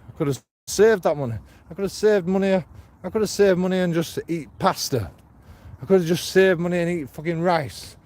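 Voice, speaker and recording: A man's voice: a little high, darkish tone, a little hiss or hum. A man, a streamer talking on a walk outdoors, blunt and rambling with lots of swearing. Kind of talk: casual walking vlog.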